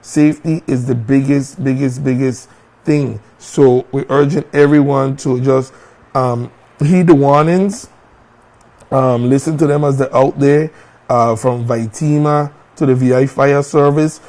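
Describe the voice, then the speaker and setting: A man's voice: mid-range voice, fairly even intonation, a little slow, darkish tone. A man hosting a morning show, greeting listeners in an upbeat way with frequent fillers and restarts.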